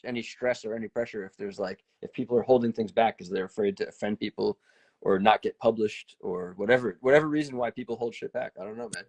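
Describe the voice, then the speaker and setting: A man hosting a casual chat, talking in an animated, profane, rambling way full of fillers. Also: lowish voice, fast, no echo. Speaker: host.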